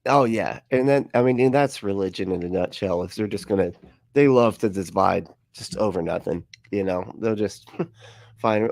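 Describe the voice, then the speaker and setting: A man hosting a casual livestream chat, talking quickly and with energy, laughing and swearing often and jumping into mocking voices when he quotes people. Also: on the low side, creaky, darkish tone, no room sound. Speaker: livestream host.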